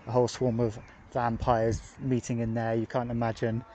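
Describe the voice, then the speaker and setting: A man's voice: medium pitch, completely flat delivery, moderate pace, darkish tone, low-quality recording. A man hosting a podcast, talking casually and reflectively into his phone while walking outdoors, with restarts and asides. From England, grew up in Devon. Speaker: podcast host. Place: outdoors, walking past streets and a cemetery. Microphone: phone held while walking. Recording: phone recording outdoors with clear traffic noise. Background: passing cars and urban street noise.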